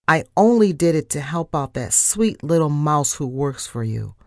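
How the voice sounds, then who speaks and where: A woman's voice: low-pitched, very animated, moderate pace, dry recording, studio quality. A woman doing a hot-tempered rat rock star. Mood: scolding. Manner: snapping, indignant, loud.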